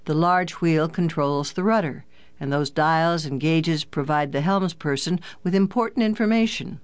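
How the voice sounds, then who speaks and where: A steady, good-humored father, as an audiobook narrator reads him, explaining things patiently and teasing his kids gently. The reading stays close to the narrator's own everyday voice in a children's adventure story. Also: mid-range voice, normal speed, lightly acted. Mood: fatherly. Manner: calm, fatherly, gently joking. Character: kind, teasing father, capable sailor. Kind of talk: audiobook character voice.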